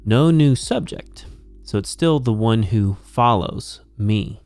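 A man teaching New Testament Greek, slowly and methodically walking through a verse as a Bible teacher. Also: on the low side, lively intonation, darkish tone, clean tone, dry recording, soft background music. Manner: slow, methodical explaining. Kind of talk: Greek grammar lesson.

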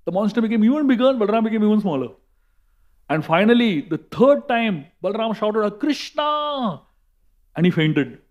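A man with an Indian English accent giving a sermon, telling a story in a lively way with emphatic repetition. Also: sits high, fast talker, highs cut off. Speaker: monk and speaker.

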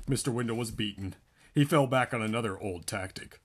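A man reading a book aloud in an animated way, often laughing between lines. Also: medium pitch, brisk. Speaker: reader.

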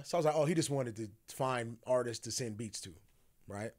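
A man with a voice of middling pitch, talking as a podcast guest. He tells his story casually, acts out each person's quoted lines and laughs often along the way. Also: a little fast.

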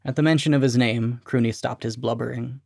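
Gravelly-voiced man reading a story. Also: mid-range voice, steady tone, fairly quick, darkish tone, no room sound, clean studio sound. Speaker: reader. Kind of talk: reading a short story aloud.

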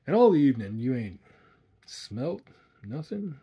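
A low, uneasy backwoods guide, as a man reads him aloud, rough-spoken and hushed. His voice is mellow and husky, like a storybook reading. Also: very animated, unhurried, heavily acted.

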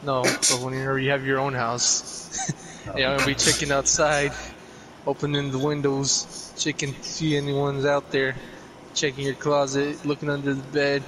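This is a man with a mid-range voice who tells teasing stories in a laid-back way during a casual gaming chat. Loud background noise runs under everything he says. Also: mid-range voice, monotone, normal speed.

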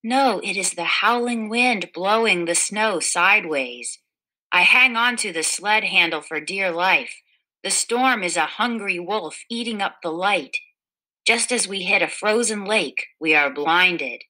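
A woman reads a children's picture book aloud, taking her time over every phrase. Her voice is bright and forward, and she tells the story gently, lifting the quoted lines so they stand out. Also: mid-range voice, lively intonation, unhurried, poor audio. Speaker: storybook reader.

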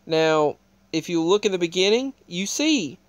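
A man with a fairly high, smooth and clear voice chats casually to his viewers. He rambles and restarts his sentences as he points them to things on the screen. The sound is close and dry, with no room echo. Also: animated, measured pace. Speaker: video creator. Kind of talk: casual talk to camera.

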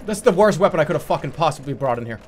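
A male gaming streamer with a fairly high, lively voice that swings widely in pitch. He swears, laughs and rants in exasperation while he plays, with faint room noise behind him. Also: rapid-fire. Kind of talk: let's play commentary.

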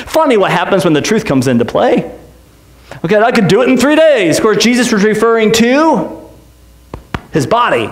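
A male pastor preaching in a church, animated and jokey, acting out quotes and asking questions. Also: sits high. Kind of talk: sermon, Bible teaching. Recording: echoey church room.

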